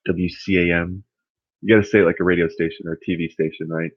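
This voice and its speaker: A man hosting a casual livestream, rambling and thinking out loud as he answers his chat. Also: low voice, level tone, fast, no echo, highs cut off. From California.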